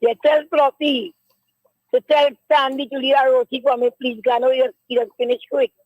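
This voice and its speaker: A woman's voice: high voice, flat delivery, brisk, dry recording, lo-fi sound. A woman with a Grenadian accent calling into a radio show, chatty and asking for a favor. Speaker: caller. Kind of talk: casual phone call to radio.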